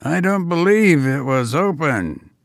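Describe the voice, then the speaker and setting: A man's voice: on the high side, very animated, unhurried, creaky, no room sound, clean studio sound, pitched above the performer's own voice, exaggerated voice. A man reading a story aloud, voicing a hesitant companion who suspects a trick. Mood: uneasy. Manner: hesitant, uneasy. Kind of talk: audiobook character voice.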